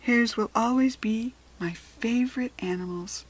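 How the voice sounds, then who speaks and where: A woman reading a storybook and voicing an earnest young farm girl, with a breathy, eager and questioning manner. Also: fairly high pitch, measured pace, pitched above the performer's own voice, poor audio.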